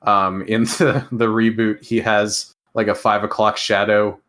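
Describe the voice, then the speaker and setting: A man co-hosting a podcast in casual chat, measured and hesitant with dry humor. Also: lowish voice, flat delivery, fairly bright tone. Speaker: podcast co-host.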